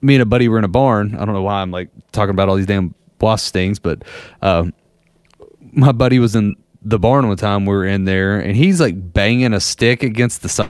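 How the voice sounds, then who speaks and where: A man's voice: fairly low pitch, fairly quick, a little mellow, clean tone, dry recording, studio quality. A man in his thirties or forties casually telling rambling, profane stories and laughing at them as he goes. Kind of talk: casual storytelling chat.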